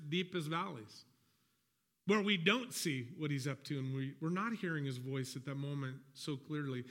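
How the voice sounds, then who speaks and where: A pastor delivering a sermon, earnest and animated, acting out people's inner dialogue with God. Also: male voice, high voice. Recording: reverberant hall.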